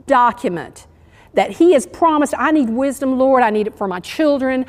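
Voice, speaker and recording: An earnest, encouraging woman preaches to her congregation. Her voice sits fairly high and grows emotional. It carries a long reverb from the church hall. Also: expressive, moderate pace, darkish tone. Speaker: church speaker. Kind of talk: sermon. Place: church sanctuary.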